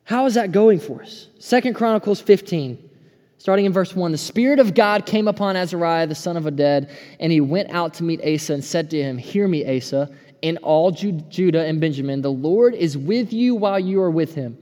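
A man in his thirties preaching a sermon as pastor, earnest and urgent, dropping to a hush and then rising fired-up. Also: on the high side, moderate pace. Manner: earnest, swings between hushed and fired-up. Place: church sanctuary. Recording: preaching in a hall with long reverb.

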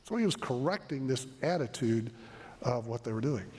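Husky preacher in a reverberant hall. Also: male voice, medium pitch, animated, normal speed, a little mellow. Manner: earnest, emphatic preaching with frequent restarts. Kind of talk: sermon. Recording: long reverb of a large hall.

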